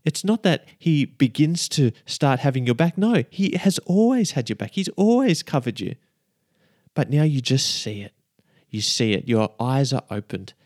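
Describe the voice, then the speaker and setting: Male preacher, mid pitch, fervent sermon delivery with emphatic repetition; dry, close recording. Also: normal speed, dry recording. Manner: fervent, building to excited emphasis.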